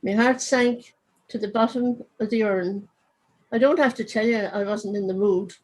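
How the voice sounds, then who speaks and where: A woman's voice: mid-range voice, moderate pace, darkish tone, close to an everyday voice, low-quality recording. A woman reading as a wry dead Cork man. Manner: wry, chatty storytelling. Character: dead Cork man narrating wryly from his urn. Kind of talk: reading aloud from her novel. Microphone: video call.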